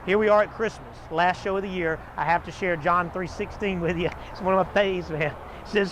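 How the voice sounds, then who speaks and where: Middle-aged male store host, high voice, folksy and earnest, fumbles scripted reads. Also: fairly even intonation, fairly quick, a bit bright, a little hiss or hum. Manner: chatty, earnest, stumbles over scripted ad lines. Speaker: store spokesman hosting a showcase show. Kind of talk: casual folksy pitch to viewers.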